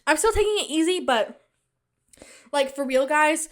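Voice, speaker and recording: A young woman in college hosting a casual solo podcast, talking chattily and animatedly straight to her listeners, with a loud cackling laugh. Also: high-pitched, expressive, moderate pace. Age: young adult. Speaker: podcast host.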